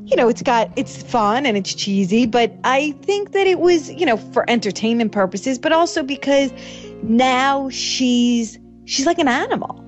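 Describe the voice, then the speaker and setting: A woman's voice: sits high, a little slow, faint music behind. Laughing New York woman, lo-fi sound. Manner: animated, laughs often, acts out lines. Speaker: actress guest. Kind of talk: casual interview chat.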